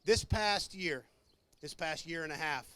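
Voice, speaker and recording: A man's voice: a little high, measured pace, bright, forceful tone. A man speaking for labor at an outdoor rally, ad-libbing an earnest speech to the crowd. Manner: earnest, addresses crowd as brothers and sisters. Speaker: labor leader.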